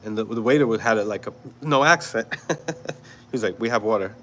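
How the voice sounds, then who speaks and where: A man's voice: lowish voice, brisk, a bit bright, a little hiss or hum, poor audio. A man from New York hosting a livestream, chatting casually with viewers, swearing, laughing and rambling. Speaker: livestream host. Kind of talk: casual commentary with chat.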